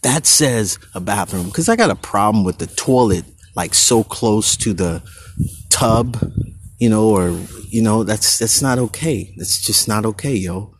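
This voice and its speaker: A man hosting his own podcast, talking casually and rambling into tangents with a husky voice and slangy manner. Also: on the low side, expressive, unhurried, a little hiss or hum. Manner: goes on tangents, restarts, slangy. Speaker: podcast host.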